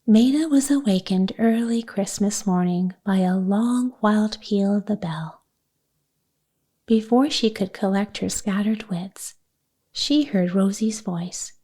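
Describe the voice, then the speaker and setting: A woman narrating a children's chapter book audiobook in a calm, measured read. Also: medium pitch.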